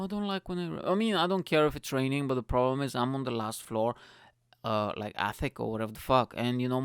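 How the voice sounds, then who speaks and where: A man hosting his own podcast from his attic room, talking in an excitable, profane, joking monologue. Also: mid-range voice, clean tone, no echo. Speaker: podcast host. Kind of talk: casual solo podcast monologue.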